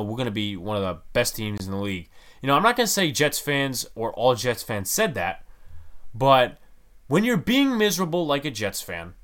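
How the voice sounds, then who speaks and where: Heated male football-fan ranter, slightly high voice, pitch swinging widely, rapid-fire rhetorical questions. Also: fairly bright tone. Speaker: sports fan commentator. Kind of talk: ranting sports commentary.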